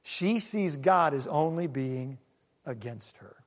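A man preaching a sermon, swinging between loud and hushed and asking the congregation questions. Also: a little high, expressive, slow, big-room sound. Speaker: pastor.

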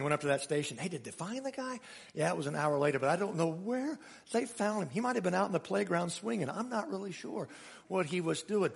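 A man's voice: high voice, big-room sound. A man preaching a sermon, telling a story in a chatty way with laughs and asides.

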